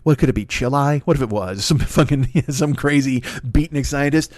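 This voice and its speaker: A man's voice: mid-range voice, moderate pace, few pauses, darkish tone, no room sound. A man in his forties hosting a solo comedy podcast, rambling through profane, self-mocking tangents. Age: 40s. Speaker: podcast host.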